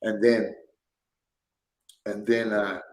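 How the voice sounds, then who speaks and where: A man with a low voice and a flat delivery drags out his words while hosting an informal livestream. He sits in a sparse, echoey room at home, wandering through stories and jokes with frequent laughter.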